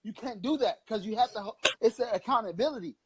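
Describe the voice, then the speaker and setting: A man in his thirties from Long Beach, California, speaks fast in a high voice over background noise. He co-hosts a casual political chat show, preaching in an impassioned, profane, rambling way.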